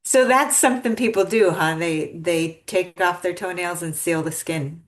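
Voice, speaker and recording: A woman's voice: on the low side, normal speed. A woman hosting a podcast interview, reflective and thoughtful in how she talks. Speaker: podcast host.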